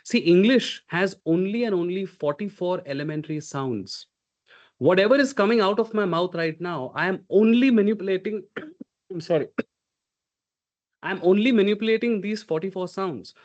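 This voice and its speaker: High-voiced coach who says "okay?" a lot. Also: male voice, expressive, normal speed, muffled recording. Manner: emphatic, drills sounds aloud, checks in with "okay?". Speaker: communication coach. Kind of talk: live online workshop coaching.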